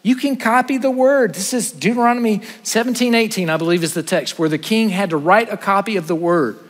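A man, a pastor preaching an earnest sermon to his congregation, trading quick asides for slow, stressed points. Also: high-pitched, long reverb tail. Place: church sanctuary.

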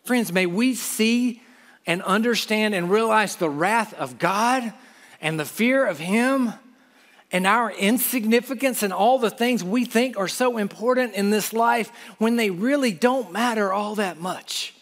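Guy preaching in a big echoey hall, fired up, kinda high voice. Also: measured pace, fairly bright tone. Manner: impassioned, pleading, conversational asides. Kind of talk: sermon.

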